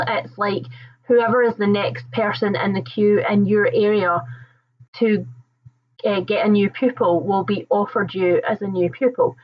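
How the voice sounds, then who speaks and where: Young female stream host, casual and rambling, quick to laugh; slightly muffled audio. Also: medium pitch, a little hiss or hum. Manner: chatty, rambling, laughs often. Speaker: livestream host. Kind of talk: casual live chat with viewers.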